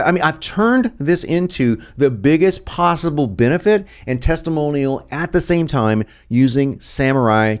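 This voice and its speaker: A middle-aged man giving a casual screen-share lesson on copywriting, laughing often and restarting his sentences. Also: on the high side. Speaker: copywriting teacher.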